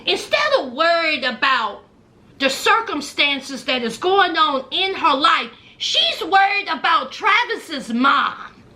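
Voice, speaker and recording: Her voice sits high, bright and forceful, moving slowly with wide pitch swings as she mockingly recaps a reality TV episode. This woman is blunt, speaking straight to the people she's discussing and performing what they said in put-on voices.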